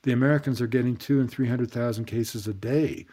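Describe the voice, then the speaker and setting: A man speaking as an interview guest, telling stories in an eloquent, sweeping way that trails off softly at the ends of phrases. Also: mid-range voice, steady tone, a little fast. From Canada. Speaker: guest anthropologist. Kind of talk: reflective storytelling in an interview.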